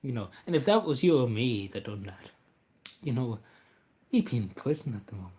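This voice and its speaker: A man's voice: mid-range voice, very animated, fairly quick, a little mellow, slight background noise. Man, livestream host, rambling, sarcastic, casual chat at a desk mic. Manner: rambling, sarcastic, jokey asides.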